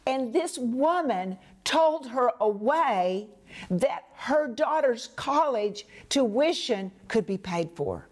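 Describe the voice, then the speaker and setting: A woman teaching a devotional message in an earnest manner, speaking straight to the listener as a friend and sinking to hushed whispers for emphasis. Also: fairly high pitch, animated, takes it slowly. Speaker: Bible teacher.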